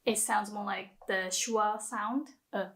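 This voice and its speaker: A woman teaching pronunciation, speaking slowly and carefully and demonstrating sounds for the listener to repeat. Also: medium pitch, fairly even intonation, fairly bright tone. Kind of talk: pronunciation lesson.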